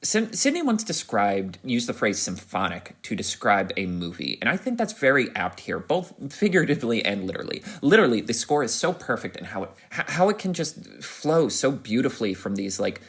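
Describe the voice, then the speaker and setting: A man's voice: medium pitch, a little fast, hardly any pauses, husky. A man hosting a podcast, giving an enthusiastic, rambling spoken film review full of restarts and fillers. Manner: animated, rising to excited peaks.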